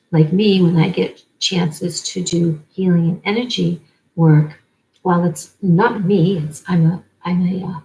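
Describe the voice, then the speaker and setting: A woman's voice: on the low side, warm tone, low-quality recording. A woman giving an oracle card reading in a rambling way, stringing words together in long lists. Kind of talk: spiritual card-reading monologue.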